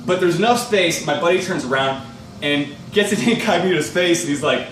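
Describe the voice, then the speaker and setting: A young man with a fairly high voice tells a rowdy story in casual, profane bursts and laughs between lines. He sits some distance from the mic in an echoey room with a faint hiss underneath. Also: fairly quick, over music. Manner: profane, rambling, laughs through his story. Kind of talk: casual personal anecdote.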